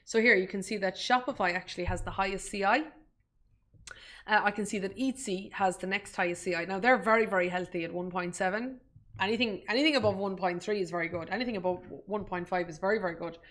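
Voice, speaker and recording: A woman's voice: medium pitch, quick pace, fairly bright tone. A woman hosting a live investing webinar, talking casually, restarting phrases and greeting viewers by name. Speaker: webinar host and investment educator. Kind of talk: live-streamed stock market tutorial.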